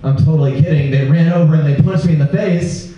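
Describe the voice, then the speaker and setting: A man doing a stand-up set at a small comedy venue, deadpan and self-mocking, slowing down for his punchlines. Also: fairly high pitch. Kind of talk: open-mic stand-up set. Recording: roomy live recording from far off, dull sound.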